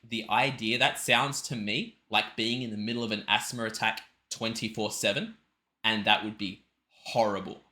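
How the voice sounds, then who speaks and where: Aussie guy rambling excitedly in a reaction vid, bright forceful voice. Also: fairly low pitch. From Australia. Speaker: music reaction video host. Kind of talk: casual reaction commentary.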